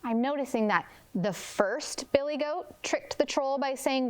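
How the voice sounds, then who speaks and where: A woman kindergarten teacher reading a story aloud and gently asking young children questions about it. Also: high-pitched, measured pace. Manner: gentle, expressive, prompting questions.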